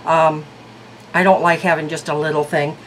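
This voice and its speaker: A woman's voice: low voice, level tone, moderate pace, slight background noise, poor audio. A woman reviewing beauty products in a casual vlog, chatty and thinking aloud. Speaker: beauty vlogger.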